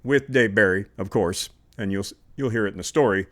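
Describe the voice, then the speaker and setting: A man's voice: fairly low pitch, brisk. Chatty self-deprecating male podcast host. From Indiana. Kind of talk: podcast intro and sponsor read.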